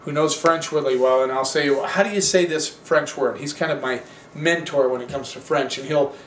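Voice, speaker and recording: A man hosting a wine show, tasting and reviewing wines in a relaxed, rambling, conversational way. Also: on the high side, moderate pace, reverberant, distant mic, a little hiss or hum.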